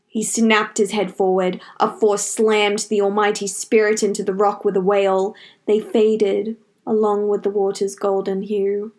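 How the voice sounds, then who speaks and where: Woman narrator, audiobook fanfiction reading, measured, dramatic, mid pitch. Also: flat delivery, darkish tone.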